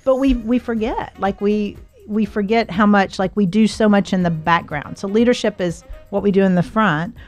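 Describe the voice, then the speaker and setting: A woman's voice: mid-range voice, normal speed, few pauses. Middle-aged woman host: chatty, anecdotal, easy laugh, faint music underneath. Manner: chatty, storytelling, laughs easily. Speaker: podcast host. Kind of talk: casual interview chat.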